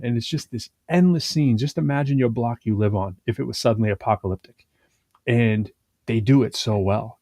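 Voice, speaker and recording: A man of middle pitch talks casually on a podcast, his voice warm and mellow. He rambles in an animated way, restarting sentences and leaning on fillers. The sound is dry and close. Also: no echo. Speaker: podcast co-host. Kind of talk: casual conversational chat.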